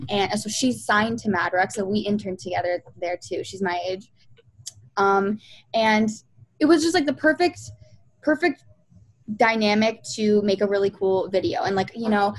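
A young woman who produces music videos talks in a casual interview, her medium-pitched voice caught on a rough recording. She's a chatty storyteller, packing her anecdotes with fillers and acting out the quotes.

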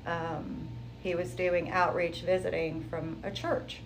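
A woman sharing her personal testimony in an interview, telling it in a lively, conversational way. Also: fairly low pitch, slow, background noise. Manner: animated, conversational storytelling.

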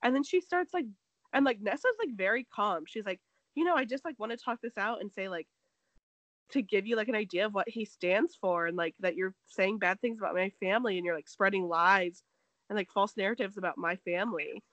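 Speaking a little fast in a mid-range voice, a woman on a casual gossip show says she is sick. She recounts a story with lots of animation and heavy use of "like," acting out what people said. There's no echo, and the audio sounds dull.

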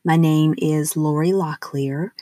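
A woman in her forties with a Southern US accent, hosting a spiritual podcast in a soft, affirming, unhurried monologue. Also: low voice, steady tone, dry recording. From southern United States. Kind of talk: gentle personal monologue.

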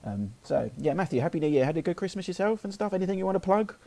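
A man's voice: sits high, sing-song, very fast, vocal fry, warm tone. A man with a London accent hosting a football podcast, moving things along and plugging shows. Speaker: podcast host. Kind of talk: casual chat.

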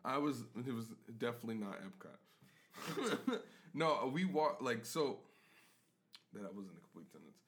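A man co-hosting a podcast, telling a story in an animated way and swearing heavily. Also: medium pitch, measured pace, pauses often. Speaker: podcast co-host. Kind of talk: casual chat.

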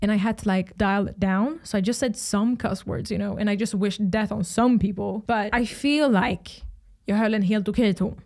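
A young woman with a Swedish accent, hoarse from screaming, chatting casually as a host, swearing often and flaring into animated outbursts. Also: mid-range voice, normal speed. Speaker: podcast host. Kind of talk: casual chat.

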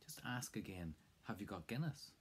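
A man's voice: lowish voice, expressive, normal speed, a little hiss or hum. A man giving a casual, chatty spoken language lesson, coaching the listener along. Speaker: language teacher. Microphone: close mic to camera.

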